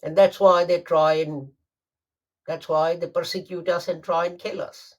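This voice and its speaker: A man delivering a Friday sermon, emphatic and deliberate, repeating phrases for stress. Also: a little high, flat delivery. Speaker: preacher.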